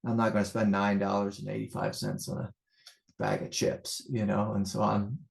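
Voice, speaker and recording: A man, a spiritual teacher, telling a story to a group in an animated way and then speaking slowly and softly about awareness. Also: lowish voice, vocal fry, echoey room. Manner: animated storytelling, loud mock-yelling; slow, soft, meditative.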